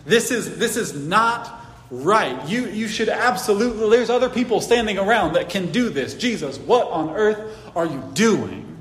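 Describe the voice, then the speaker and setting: A pastor playing an indignant disciple. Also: male voice, high-pitched, expressive, a bit bright, voice pushed up. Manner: urgent, halting protests. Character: indignant male disciple protesting his master. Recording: echoey hall, faint background hiss.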